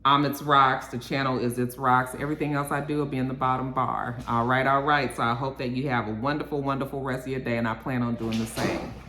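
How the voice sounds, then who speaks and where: A TV show reviewer chatting casually through an episode recap while cooking at home, animated, with frequent "okay"s. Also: medium pitch, a little fast, few pauses, slight background noise. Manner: animated storytelling, tag-on okays. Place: home kitchen. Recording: echoey room.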